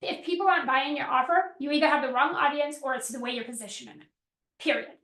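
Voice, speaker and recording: Business coach, woman, middle-aged, high voice, direct and energetic; echoey room. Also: fast talker. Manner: energetic, direct, asks the audience questions, acts out clients' voices. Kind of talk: workshop teaching.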